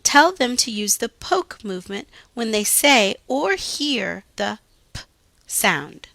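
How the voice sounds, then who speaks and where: A woman reading out scripted teaching instructions in a slow, deliberate, carefully enunciated way. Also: a little high, big pitch swings, vocal fry, a bit bright, dry recording.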